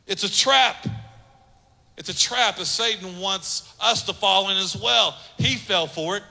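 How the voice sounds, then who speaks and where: A man's voice: sits high, unhurried, gravelly, sharp tone. A man preaching a sermon as pastor, emphatic, repeating phrases and acting out little quotes. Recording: long hall reverb.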